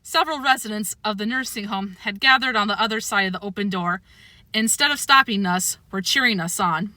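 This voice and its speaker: A woman reading a children's book aloud with expressive, animated storytelling, close to the mic. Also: mid-range voice, brisk, no echo. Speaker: narrator.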